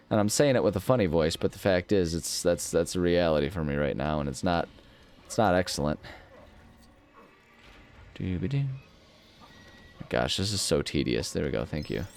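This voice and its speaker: A man's voice: low voice, expressive, normal speed, long pauses, a little mellow. A man hosting a gaming channel, talking casually over gameplay in a rambling, self-mocking way and humming nonsense syllables now and then.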